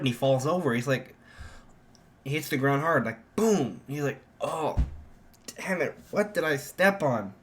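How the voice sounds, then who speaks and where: Guy making up a fan story out loud, super slow, tons of likes and uhs. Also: medium pitch. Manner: rambling, full of "like" and "uh" fillers. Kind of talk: improvised fan-fiction narration.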